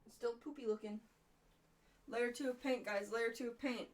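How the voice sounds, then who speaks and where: A woman's voice: on the high side, fairly even intonation, moderate pace. A woman streamer chatting casually and bluntly while she crafts, rambling with some swearing. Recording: voice a bit off-mic.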